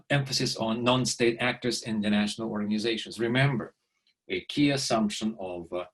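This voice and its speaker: Middle-aged male lecturer, lowish voice, unscripted and halting, full of "uh"s. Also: breathy edge. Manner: halting, many fillers and repeated words. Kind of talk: video lecture.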